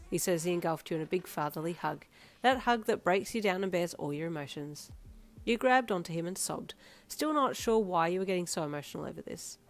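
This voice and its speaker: A woman narrating a second-person fanfiction story in a steady reading voice. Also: fairly low pitch, fairly quick. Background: soft instrumental music.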